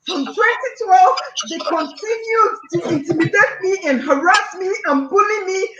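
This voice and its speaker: A woman's voice: very high-pitched, moderate pace, sharp tone, echoey room, muffled recording. A woman caller on a live call-in show, earnestly recounting a distressing personal dispute and sometimes near tears. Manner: distressed, earnest, repeats points insistently.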